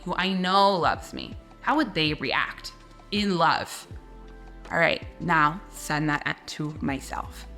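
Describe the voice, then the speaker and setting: Woman coach doing a gentle teaching talk, soft and slow, lowish but bright voice, faint music behind. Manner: soft, slow, soothing with repeated phrases. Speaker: spiritual coach.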